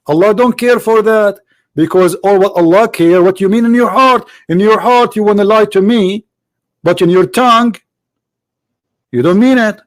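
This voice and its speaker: Insistent debating host with a higher voice. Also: male voice, moderate pace, pauses often. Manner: argumentative, insistent, repeats points for emphasis. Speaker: host of a live call-in religious debate show. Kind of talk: live call-in debate.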